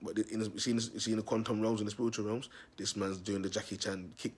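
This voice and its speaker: A young man tells a story in a loose, slangy vlog. His voice is husky and sits a little low, and he keeps the story animated with frequent laughs. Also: fast talker. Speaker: self-styled prophet vlogger.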